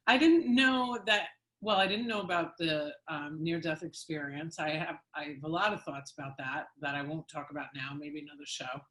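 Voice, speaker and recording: A woman hosting an interview show, chatty and lively, laughing often as she talks. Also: sits low, moderate pace, few pauses. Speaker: show host. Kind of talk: casual interview conversation. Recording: echoey room.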